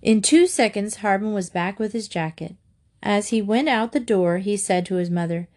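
A woman narrating a children's story aloud, lively and shifting her voice higher for the children's lines. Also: normal speed. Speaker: audiobook reader.

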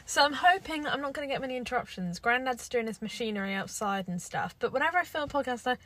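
Young English woman with a higher-pitched voice, recording a rambling podcast chat in a parked car. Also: fast talker, poor audio. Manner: chatty and rambling, lively storytelling. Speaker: podcast host. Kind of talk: casual chat.

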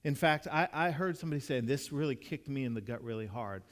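A man delivers a sermon in a relaxed, conversational way, his mid-range voice carrying a long reverb from a large church hall. He tells his stories earnestly and often restarts or repeats a word before going on. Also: medium pitch, fast talker. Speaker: pastor.

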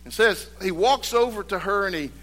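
A man preaching a sermon, moving between loud, emphatic exhortation and hushed, quiet storytelling. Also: high voice, normal speed.

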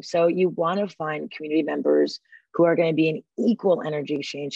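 A woman guest on a podcast interview, talking enthusiastically and acting out quotes with lively energy. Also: on the low side, fairly quick, gravelly, dry recording, highs cut off. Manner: enthusiastic, acts out quotes animatedly. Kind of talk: casual interview talk.

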